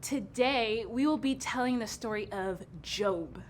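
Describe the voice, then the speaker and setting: A woman co-hosting a kids' church show, patiently telling a Bible story in a gentle, amused way. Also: on the high side, measured pace.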